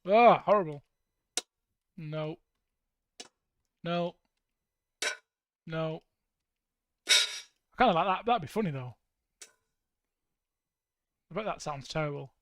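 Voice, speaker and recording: Brief: young guy, high pitch, playful and rambling, livestream producer chatting to his audience. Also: slow pace, long pauses, slight background noise. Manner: playful, rambling, jokey asides to chat. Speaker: band member streaming music production. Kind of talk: casual livestream chat while producing.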